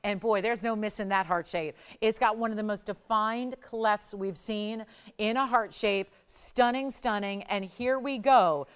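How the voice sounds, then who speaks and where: A middle-aged woman hosting a live home shopping show, selling jewelry with upbeat, persuasive patter and excited price countdowns from a TV studio. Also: medium pitch, measured pace, clear, resonant tone. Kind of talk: live TV jewelry sales pitch.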